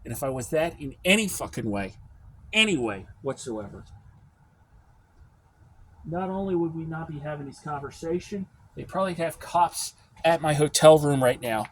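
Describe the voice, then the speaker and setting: An American man telling a work story as a casual, profane, animated rant. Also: on the high side, normal speed, pauses often, slight background noise. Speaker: field service technician.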